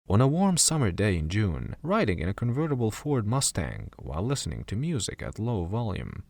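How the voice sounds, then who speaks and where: A man narrating a horror story audiobook in a measured, steady way. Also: low-pitched, no room sound. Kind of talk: scripted narration.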